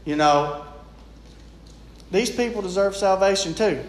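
A man's voice: high-pitched, unhurried. A man preaching a sermon in an earnest, plain-spoken, folksy way. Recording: echoey room.

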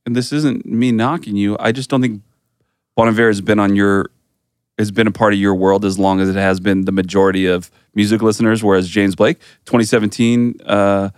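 A man's voice: lowish voice, steady tone, fairly quick, smooth, no room sound, clean studio sound. A man co-hosting a pop culture podcast, talking casually and restarting sentences as he argues a point. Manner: laid-back, restarts a lot while arguing. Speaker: podcast co-host. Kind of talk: casual chat.

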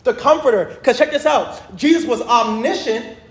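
A man teaching a Bible study night in sermon style, excitable and emphatic, slowing down to dwell on the scripture he reads. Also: very high-pitched. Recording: roomy echo.

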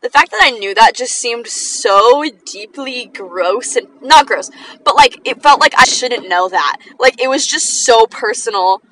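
A woman's voice: on the high side, expressive, a little slow, a bit bright, a little hiss or hum, poor audio. A young woman telling personal stories in a casual chat while driving in a car, filling her talk with "like" and laughing often. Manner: chatty, fillers of "like", frequent laughter. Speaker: vlogger.

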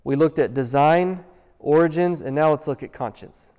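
A man's voice: a little high, moderate pace, warm tone, smooth. A man preaching a sermon, earnest and emphatic, asking his listeners one rhetorical question after another. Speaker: pastor. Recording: dull sound with long hall reverb.

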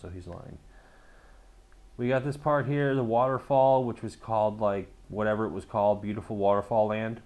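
A man telling a story in a casual vlog, rambling, swearing often and poking fun at himself. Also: lowish voice. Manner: rambling, profane, self-mocking storytelling.

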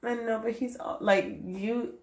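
A woman's voice: on the high side, a little slow, creaky. Laughing pregnant woman in an echoey room. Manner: laughing, animated storytelling. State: pregnant, coughing. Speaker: podcast co-host. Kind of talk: casual chat. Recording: roomy, faint background noise.

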